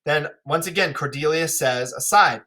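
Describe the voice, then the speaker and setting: Casual bright-voiced male teacher. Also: on the high side. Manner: casual, quick asides, checks with "right?". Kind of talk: explaining a play to a class.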